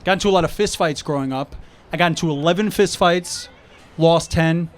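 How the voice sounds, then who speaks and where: Recorded outdoors on a rooftop, a New York stand-up comedian tells jokes in a conversational way and acts out dialogue with friends. His voice is fairly high and fairly quick, with a little hiss or hum in the audio.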